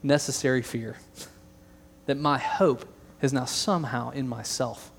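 A man's voice: medium pitch, steady tone, unhurried, gravelly, slight background noise. A young man preaching a sermon as pastor, earnest and emphatic, with joking asides to the congregation. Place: large church hall. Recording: long hall reverb.

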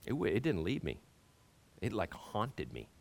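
A man's voice: on the low side, huge pitch swings, creaky, darkish tone. Middle-aged male pastor, conversational sermon. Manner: conversational, halting restarts, rhetorical questions to the congregation.

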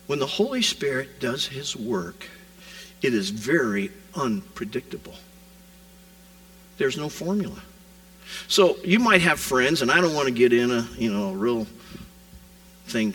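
A man preaching a sermon, retelling scripture as a vivid modern scene, rising loud and dropping to a hush. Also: medium pitch, rough recording. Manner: animated storytelling preacher, swings from loud to hushed. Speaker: pastor.

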